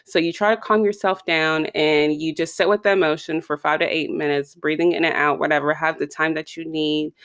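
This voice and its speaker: Woman with a real low voice just talking to y'all about staying calm, dry close sound. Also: no room sound. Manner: conversational, addresses listeners directly with repeated asides. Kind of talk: casual motivational talk.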